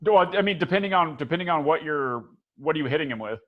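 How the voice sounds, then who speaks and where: A man's voice: fairly high pitch, expressive, fast, highs cut off. A man running a tabletop game as dungeon master, rambling with frequent restarts and laughter.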